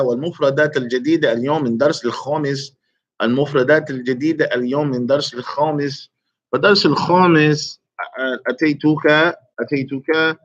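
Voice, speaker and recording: A man teaching an Arabic vocabulary lesson, quizzing his students and repeating each word slowly. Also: mid-range voice, a bit bright. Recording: dull lo-fi recording.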